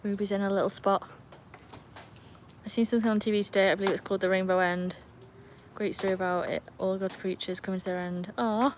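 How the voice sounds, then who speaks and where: A woman's voice: medium pitch, flat delivery, brisk, slight background noise. English woman chatting on a live stream. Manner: chatty, greets viewers and scolds her dogs playfully. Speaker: livestream host. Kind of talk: casual live chat. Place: outdoors beside a backyard pool in the rain. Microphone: phone. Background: faint rain and outdoor ambience.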